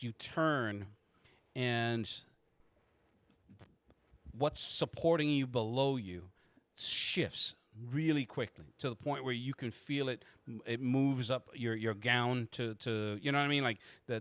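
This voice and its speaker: A man's voice: mid-range voice, measured pace, a bit bright, clear, resonant tone, dry recording. A man running a tabletop game as game master, narrating in the second person with frequent halts and restarts.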